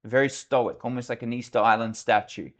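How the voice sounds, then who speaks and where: A man's voice: medium pitch, fairly even intonation, fairly quick. Frank man, reflective podcast guest. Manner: reflective, frank, acts out remembered dialogue. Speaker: podcast guest, former military officer. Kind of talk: candid interview storytelling.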